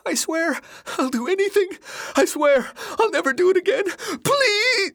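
A shrill, sobbing terrified boy. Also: big pitch swings, moderate pace, fairly bright tone, dry recording, clean studio sound, full character voice. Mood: desperate pleading. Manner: shrill pleading cries, sobbing. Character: terrified teenage boy begging, desperate.

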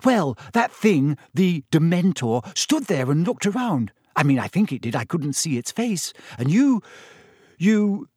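A man reading aloud and voicing an anxious, clever teenage schoolgirl who explains things quickly and earnestly. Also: a little high, very animated, darkish tone, husky, no room sound, clean studio sound, pitched above the performer's own voice, exaggerated voice. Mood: anxious, explaining.

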